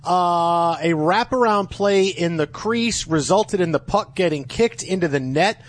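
An excitable sports talk radio host with a high, lively voice trades jokes with his co-host and bursts into loud cheers. He talks fast and peppers his speech with casual fillers.

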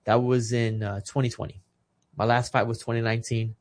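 A man's voice: medium pitch, little pitch movement, brisk. A man in his thirties, a retired boxer from Texas, tells a personal story on a podcast with heartfelt emotion, often repeating words as he starts a thought. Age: 30s. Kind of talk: casual conversation.

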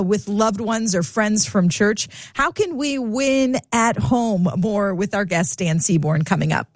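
A woman's voice: medium pitch, dry recording. Brief: female radio host, conversational, dry close sound. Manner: conversational, thinking aloud. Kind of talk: radio talk show interview.

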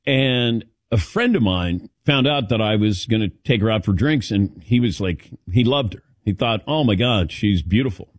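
A middle-aged man from the Midwest hosting a sports radio show, telling stories with animated, laughing delivery. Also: fairly low pitch, normal speed, hardly any pauses, no echo, clean studio sound. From American Midwest. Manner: lively storytelling with laughs. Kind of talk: casual sports radio banter.

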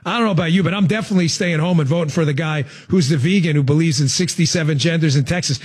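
Talk host, male, high-pitched, sarcastic and animated. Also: racing, slightly rough. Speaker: political talk show host. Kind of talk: sarcastic political commentary.

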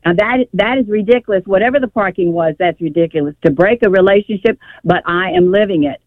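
A woman's voice: medium pitch, fast talker, no echo. An older woman calls in and tells her story in a rambling, emotional way, often stopping to restart her sentences. Her voice comes through a tinny, dry phone line. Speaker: caller. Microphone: telephone.

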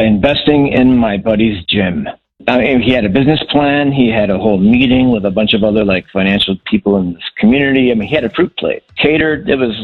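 A man calling in to a radio show, telling his story in a rambling, hesitant way. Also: mid-range voice. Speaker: caller. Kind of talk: phone-in call. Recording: husky voice on a tinny phone line.

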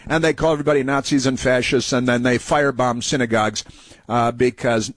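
A male talk host delivers sharp, mocking political commentary full of fillers. His voice sits at an ordinary middle pitch. It is recorded close and dry, with no room sound. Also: fairly even intonation, brisk, no echo. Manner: combative, mocking, many fillers. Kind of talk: political commentary over played clips.

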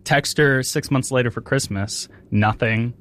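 A man's voice: medium pitch, unhurried, a bit bright. A young man co-hosting a radio show, rambling and self-mocking with lots of fillers. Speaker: radio co-host. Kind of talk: casual chat.

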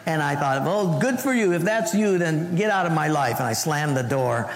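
Preacher, man, higher-pitched, animated storyteller who acts out the voices; recorded in a reverberant hall. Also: normal speed. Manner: animated storyteller acting out voices, dropping to hushed tones. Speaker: pastor. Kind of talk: sermon with personal story. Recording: long hall reverb, faint ambience.

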